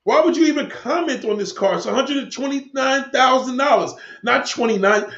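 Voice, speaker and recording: A man's voice: very high-pitched, expressive, normal speed, few pauses, fairly bright tone. A man ranting heatedly to viewers of his stream, swearing a lot as he rambles from one point to the next. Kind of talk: profane rant to stream viewers. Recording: echoey room, dull lo-fi sound.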